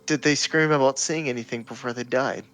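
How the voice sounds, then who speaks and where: A man's voice: medium pitch, fairly even intonation, fairly quick, a bit bright, soft background music. A man playing a tabletop game who asks eager questions in character. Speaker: player.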